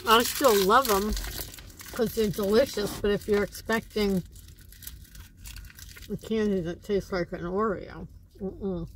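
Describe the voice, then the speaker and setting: A woman's voice: mid-range voice, steady tone, fairly bright tone, slight background noise, poor audio. A woman vlogger chatting casually while showing off a shopping haul. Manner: chatty, slow and deliberate when showing items.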